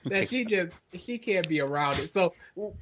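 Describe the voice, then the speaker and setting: A young man on a podcast, telling a family story in a playful, animated way. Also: high-pitched, normal speed, slight background noise. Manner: animated, playful, puts on silly voices. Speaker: podcast co-host. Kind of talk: casual storytelling.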